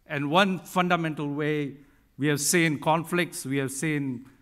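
A middle-aged man giving a conference keynote speech, talking deliberately with frequent ums and emphatic restatements. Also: a little high, steady tone, a bit bright, clean tone. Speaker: keynote speaker at an industry conference. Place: large conference hall. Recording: reverberant hall sound.

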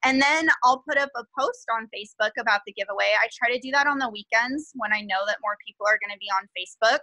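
A woman's voice: a little high, fast, pushed and bright, no echo, poor audio. A young woman sharing tips in a casual chat, bubbly and full of fillers. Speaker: guest team member sharing tips.

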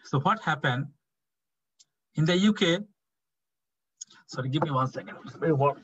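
Bangladeshi clinical tutor, male, thirties, repeats key points, slightly high voice over a dull call line. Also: expressive, moderate pace, husky. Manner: repetitive, acts out doctor-patient dialogue. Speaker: clinical teaching fellow. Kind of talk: online medical teaching session.

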